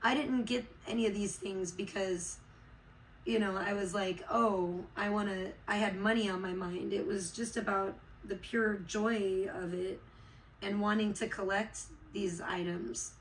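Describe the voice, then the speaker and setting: A woman from Chicago talks casually to her livestream viewers, rambling and full of fillers. She sounds heartfelt and is just getting over being sick. Her voice sits at an average pitch, with a faint hiss in the background. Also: steady tone, a little slow, poor audio. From Chicago, USA. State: recovering from illness.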